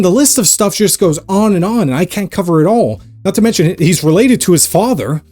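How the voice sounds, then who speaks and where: A man giving a casual commentary vlog, ranting with sarcastic, animated energy. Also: on the high side. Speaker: anime reaction youtuber.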